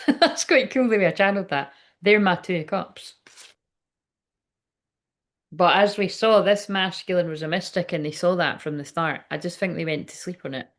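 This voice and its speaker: A woman with a slightly low voice gives a loose, casual tarot reading. She rambles and circles back on herself, dropping swear words and filler words as she goes. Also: moderate pace. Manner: chatty and rambling, swears freely, many fillers. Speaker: tarot reader.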